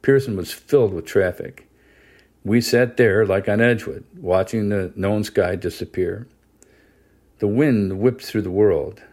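A man reading a first-person novel aloud as an audiobook narrator, steady and measured. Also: fairly low pitch. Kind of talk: scripted narration.

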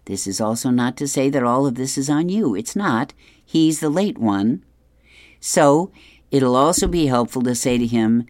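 A reader going through an advice column and the comics aloud, chuckling often in an unhurried way. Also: mid-range voice, lively intonation, a little mellow, no room sound.

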